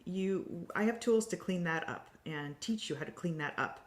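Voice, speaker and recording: A woman co-hosting a casual online chat. Her voice sits a little low and carries a roomy echo. She tells her stories with lively energy and laughs often. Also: moderate pace. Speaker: co-host, healing coach. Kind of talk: casual livestream conversation.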